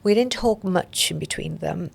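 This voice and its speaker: A woman's voice: fairly low pitch, normal speed, creaky, husky. A woman, a podcast guest, telling her story openly and reflectively. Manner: open, reflective, with soft laughs. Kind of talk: candid interview storytelling.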